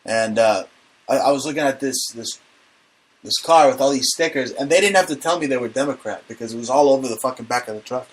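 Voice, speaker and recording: A man's voice: medium pitch, fast talker. A man hosting a casual comedic talk show, brash and profane, joking as he rants. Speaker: podcast host.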